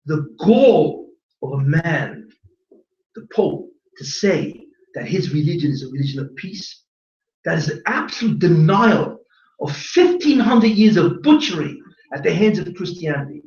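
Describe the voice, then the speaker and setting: A rabbi giving an impassioned religious lecture, firing off rhetorical questions with emphatic force. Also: male voice, on the high side, animated, a little slow, a little mellow. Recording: echoey hall, distant dull mic.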